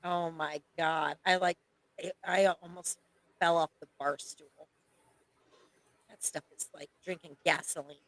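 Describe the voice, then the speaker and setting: Mulher de voz brilhante e provocadora. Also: female voice, low-pitched, steady tone, unhurried, pauses often, fairly bright tone, no room sound, poor audio. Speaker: podcast co-host. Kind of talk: casual storytelling.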